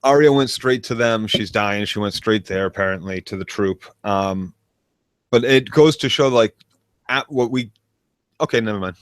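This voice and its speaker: A man co-hosting a live podcast, casual and halting, losing his train of thought. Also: fairly low pitch, clean tone, no room sound. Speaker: co-host.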